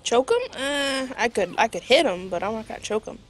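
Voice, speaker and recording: A woman's voice: on the high side, expressive, a little fast, soft background music. A woman chatting and teasing in casual gaming voice chat. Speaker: friend in voice chat.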